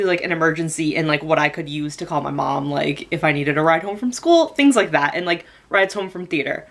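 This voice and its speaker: A young woman telling a personal story to the camera in a casual, chatty vlog style, with frequent "like" fillers. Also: fairly low pitch. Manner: chatty, lots of "like" fillers, laughs while telling. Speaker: storytelling vlogger.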